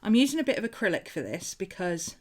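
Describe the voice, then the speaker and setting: A woman's voice: mid-range voice, big pitch swings, quick pace, darkish tone. A woman hosting a casual craft livestream at home, rambling chattily with frequent laughs and asides while she paints. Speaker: host.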